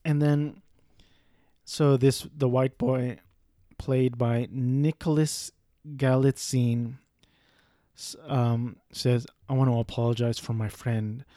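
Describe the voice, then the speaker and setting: A man's voice: mid-range voice, little pitch movement, takes it slowly, mellow, dry recording, studio quality. Rambling, profane man reviewing a movie. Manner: rambling, profane, self-deprecating. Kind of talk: casual movie review monologue.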